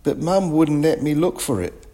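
A man voicing an excitable little boy in a children's storybook reading, high and anxious. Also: moderate pace. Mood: earnest.

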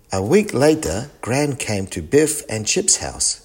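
A man reading a children's storybook aloud in a gentle, even storytelling manner. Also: medium pitch, slow pace, few pauses, slightly rough. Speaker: storybook reader.

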